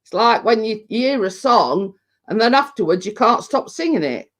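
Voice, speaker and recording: A man, chatting casually on a livestream, rambling and halting with many restarts, a little tipsy. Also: high-pitched, very animated, fairly bright tone. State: tipsy from home brew. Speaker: livestream host. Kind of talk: casual chat reading viewer comments.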